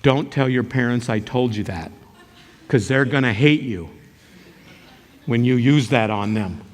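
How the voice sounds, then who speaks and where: An older man, a teacher, giving a motivational talk to a live audience, telling jokey stories with sudden loud outbursts. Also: mid-range voice, unhurried. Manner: animated storytelling, joking, sudden loud outbursts. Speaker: character education teacher and speaker. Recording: reverberant hall.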